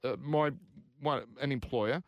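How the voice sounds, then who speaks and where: A man's voice: mid-range voice, measured pace, dry recording, muffled recording. A man with an Australian accent hosting a sports talk show, opinionated and ranting in casual banter. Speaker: radio sports show host.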